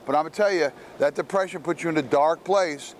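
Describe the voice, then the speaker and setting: A man putting on a loud, rambling custodian. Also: fast talker, a little hiss or hum, lightly acted. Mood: earnest. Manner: talks loudly and rambles, voice pitched up. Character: loud, fidgety middle-aged male custodian.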